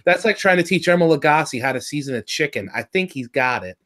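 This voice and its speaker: A man hosting a casual review chat, rambling and excitable, swearing often and restarting his sentences. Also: on the high side, a little fast. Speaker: podcast host reviewing cartoon episodes.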